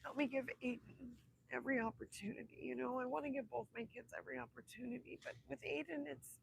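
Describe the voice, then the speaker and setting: A woman's voice: sits high, steady tone, quick pace, creaky, slight background noise, rough recording. A woman in her thirties hosting a casual livestream chat with viewers, heartfelt and emotional, often dropping to a whisper. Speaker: livestream host.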